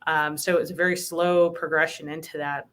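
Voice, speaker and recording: A woman speaks earnestly as a guest in an interview, sprinkling her talk with "um" and "you know". Her voice sits a little low yet sounds bright and forceful. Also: flat delivery, a little fast. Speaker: bank recruiter. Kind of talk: conversational interview.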